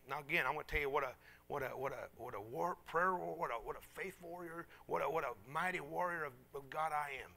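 In a slightly high, gravelly voice, a middle-aged man delivers a storytelling sermon. He's animated and self-mocking, acting out the people in his stories.

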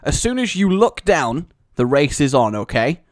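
Excitable man with a lively voice. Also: on the high side, normal speed, dry recording, clean studio sound. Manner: excitable, jokey, bursts into laughter and shouts. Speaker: gaming channel host. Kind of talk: casual gameplay commentary.

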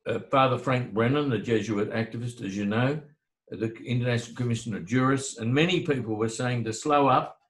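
Older man, halting, in an echoey room. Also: mid-range voice. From Australia. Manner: halting, repeats words while thinking aloud. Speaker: author and lawyer. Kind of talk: discussing history at a book talk. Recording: roomy echo.

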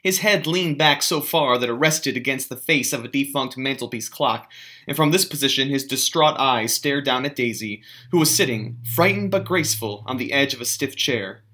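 A male teacher reads a novel chapter aloud in an unhurried, measured narration. His tone is bright and crisp, at an ordinary pitch for a man. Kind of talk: audiobook reading of a novel.

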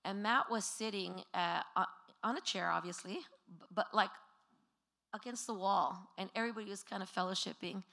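A middle-aged woman with a gravelly edge to her voice, speaking at a memorial service. She tells church stories in a loose, chatty way and briefly acts out the voices of the people in them. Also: mid-range voice, steady tone, moderate pace, sharp tone. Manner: storytelling, acts out children's voices. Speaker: former pastor sharing memories. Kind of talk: memorial tribute.

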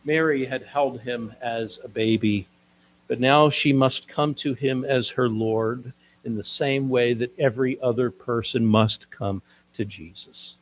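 A man preaching a sermon as pastor, explaining a passage in a measured, teaching way with occasional restarts. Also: medium pitch, steady tone, a little hiss or hum, poor audio.

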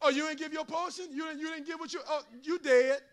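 A man preaching a sermon as pastor. He is folksy and humorous, and he moves in a sing-song cadence from shouted peaks to quiet asides. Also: very high-pitched, steady tone, fast.

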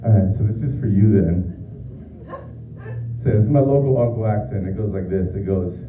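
A young man doing a stand-up comedy set, animated, crude and laughing at his own jokes. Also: lowish voice, brisk, recorded from a distance, soft background music. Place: bar or small club. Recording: tinny, roomy club recording from afar.

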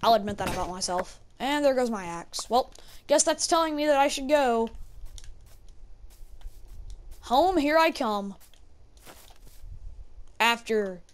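Woman, gameplay commentator, chatty, exclaims a lot, higher voice, faint hiss. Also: lively intonation, a little slow, pauses often. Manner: chatty, talks to her pets, exclaims often. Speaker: gaming video creator.

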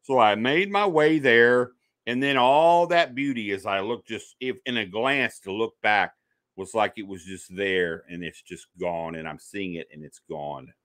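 A man's voice: lowish voice, a little slow, dry recording. A man, a guest in a conversation, telling a personal story and acting out the voices he quotes. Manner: animated storyteller who acts out quoted voices. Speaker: podcast guest, paranormal investigator.

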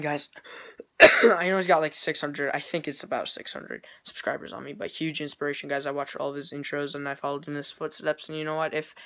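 A young man, a video creator, casually thanking his inspirations, rambling and hesitant with lots of fillers but excitable and enthusiastic. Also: fairly high pitch. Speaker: YouTube intro creator. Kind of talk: casual vlog thank-you talk.

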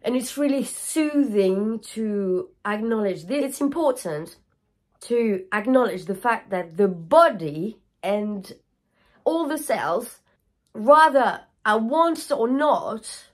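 A woman yoga teacher talks candidly to her viewers at a slow, unhurried pace. Her speech is frank and loose, with swearing, and she loses her thread now and then. She is emotional and openly tearful at times. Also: fairly high pitch, sing-song. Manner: scattered, frank, swears freely. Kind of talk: candid personal video talk.

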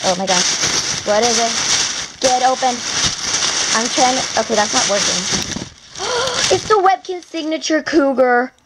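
A teenage girl chatting casually while unboxing a gift, excitable and gushing, rambling between thoughts. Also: a little high, heavy background noise. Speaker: vlogger.

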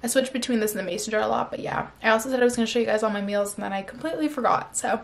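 Talking very fast with some vocal fry, this twentysomething vlogger has a higher-pitched voice and chats upbeat and casually to her camera at home, packing in plenty of "like." A little hiss or hum runs under the clean-ish recording.

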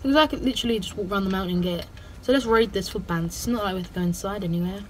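Racing along at medium pitch, this woman hosts a gaming channel, tossing off playful commentary and silly sing-song moments as she plays. "Bloody" comes up constantly, and she bleeps out her own swearing. There's slight background noise.

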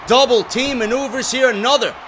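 A man giving excitable, profane wrestling play-by-play over a video game he is playing, often shouting. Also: extremely high pitch, brisk, noisy background. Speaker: gameplay commentator.

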